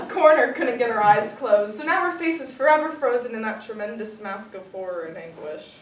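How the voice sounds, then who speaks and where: A teenage girl performing a comic monologue on stage, with a wry, deadpan delivery. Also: fairly high pitch, moderate pace, crowd noise. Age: teens. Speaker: student actor. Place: stage in a hall. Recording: echoey room, far from the mic, faint noise.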